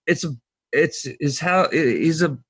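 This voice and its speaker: A man's voice: slow pace, husky. A man co-hosting a podcast, telling a rambling anecdote in casual chat and acting out the people he quotes. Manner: rambling anecdotes, acts out quoted voices higher. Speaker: podcast co-host.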